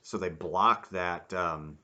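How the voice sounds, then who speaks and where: A man giving a rambling, casual review, animated and acting out quotes in mock voices. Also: deep voice, slow pace, dull audio. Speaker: YouTube reviewer.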